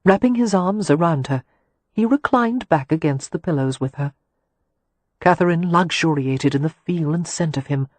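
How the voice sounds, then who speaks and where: A woman reads a romance novel aloud in a calm, measured way. Her voice is low-pitched and slightly breathy. The recording is dry and close to the mic. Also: no echo. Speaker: audiobook narrator. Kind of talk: scripted narration.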